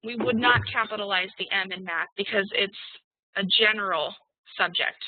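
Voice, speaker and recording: A woman teaching an online English class, spelling out example sentences slowly and deliberately. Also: medium pitch, dry recording. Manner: slow, deliberate dictation of examples. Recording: tinny, dry call audio.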